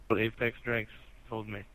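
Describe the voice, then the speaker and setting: A man's voice: fairly low pitch, poor audio. A man in casual chat with friends, a college student with an easygoing, teasing manner.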